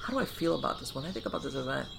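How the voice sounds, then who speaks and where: Gravelly-voiced woman podcast host. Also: very deep voice, rapid-fire, noisy background. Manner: animated, acts out inner voices and quoted thoughts; talks in loose run-on phrases with many fillers. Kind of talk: conversational advice on a podcast.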